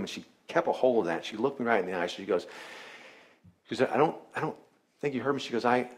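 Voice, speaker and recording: A man, a chiropractor, telling an earnest story to a live audience and acting out the quoted dialogue. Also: lowish voice. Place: event hall with audience.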